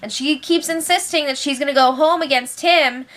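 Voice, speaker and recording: A young woman with a high voice hosts a casual recap. She talks in a chatty, sarcastic way, laughs often, and slips into quick impressions of the people she describes. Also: fairly bright tone. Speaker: show recap host.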